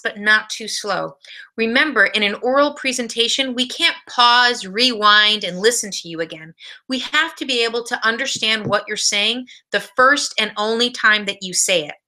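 A woman's voice: medium pitch, pushed and bright. A woman teaching a college speech class in a recorded video lecture, giving direct practical tips.

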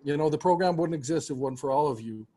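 Man, music teacher, earnest and rambling, video call, a bit high-pitched. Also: quick pace. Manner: earnest, warm, rambling with restarts. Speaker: music teacher hosting a roundtable. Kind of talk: casual heartfelt talk to students.

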